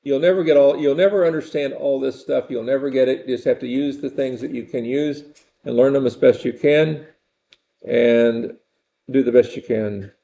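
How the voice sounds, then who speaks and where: A man's voice: mid-range voice, fairly even intonation, normal speed, creaky, mellow. An older man giving a rambling, conversational university lecture and repeating his phrases.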